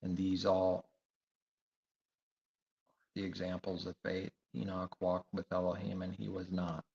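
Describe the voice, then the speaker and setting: A man's voice: sits low, completely flat delivery, unhurried, vocal fry, a little mellow. A man preaching a sermon, emphatic and repetitive, firing rhetorical questions. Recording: echoey room, dull lo-fi sound.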